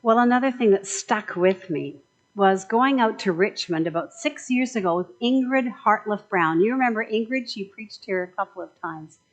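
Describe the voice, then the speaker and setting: A woman's voice: medium pitch, animated, normal speed, rough recording. A woman minister giving a chatty, joking sermon in a conversational way.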